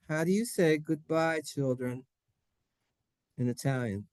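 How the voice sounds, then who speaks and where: A man's voice: on the high side, measured pace, pauses often, darkish tone, smooth, no room sound, studio quality. A man teaching a playful Hebrew lesson to children in a synagogue classroom, jokey and sing-song.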